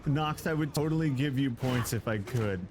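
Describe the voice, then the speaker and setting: A man's voice: medium pitch, moderate pace, noisy background. A man streaming a game live, chatting with viewers and joking around. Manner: playful, joking, laughs often. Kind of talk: casual live gameplay commentary.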